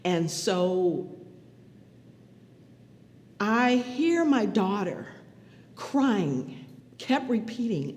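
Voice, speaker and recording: A woman recounting her own experience as personal testimony, speaking in a measured, earnest way. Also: mid-range voice, big pitch swings, a little mellow, long reverb tail, a little hiss or hum.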